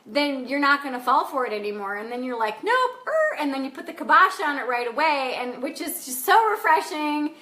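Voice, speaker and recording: A woman's voice: sits high, animated, fairly quick, hardly any pauses, pushed and bright, echoey room. A woman life coach chatting on a live stream, reading comments aloud and talking in a blunt, emphatic way with casual swearing.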